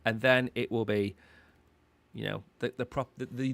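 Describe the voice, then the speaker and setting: A man's voice: fairly low pitch, little pitch movement, fairly quick, creaky, a bit bright. A man hosting a live market commentary stream, talking in a chatty, rambling way and repeating words while he thinks. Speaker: host.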